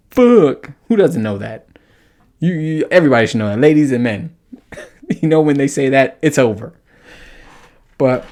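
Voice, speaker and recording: A man hosting a podcast on his own, telling a story in a casual, profane, animated way and laughing as he goes. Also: medium pitch. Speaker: podcast host. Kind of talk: casual solo podcast monologue.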